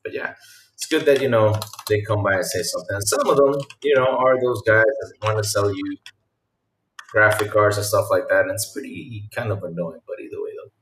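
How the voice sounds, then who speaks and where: A man hosting a casual live-stream podcast, talking excitedly and loosely to his chat with lots of fillers. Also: lowish voice, a little fast, reverberant, a little hiss or hum.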